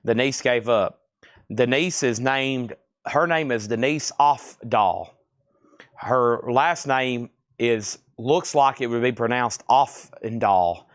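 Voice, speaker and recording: A man with a Southern US accent from Tennessee, running a live record sale stream with fast, joking auction patter. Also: medium pitch, fairly bright tone, no room sound, studio quality. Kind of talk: live sales auction chat.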